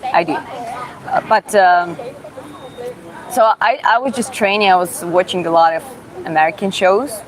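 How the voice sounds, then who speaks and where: A woman from Georgia with a Georgian accent, reading chat questions aloud on a livestream and answering them in halting, self-taught English. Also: mid-range voice, some chatter behind, a little hiss or hum, rough recording. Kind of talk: casual live Q&A chat.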